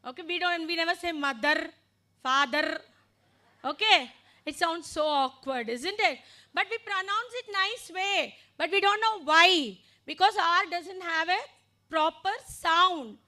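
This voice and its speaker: A woman training teachers in phonics, modeling letter sounds slowly and deliberately. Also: very high voice, sharp tone.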